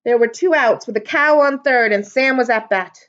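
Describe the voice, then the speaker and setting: A woman reading a children's storybook aloud for a library storytime, expressive and animated. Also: fairly high pitch, moderate pace. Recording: dull lo-fi recording.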